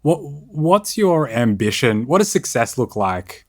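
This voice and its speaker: A man as an investor, asking probing questions and then giving a measured judgment. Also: medium pitch, sing-song.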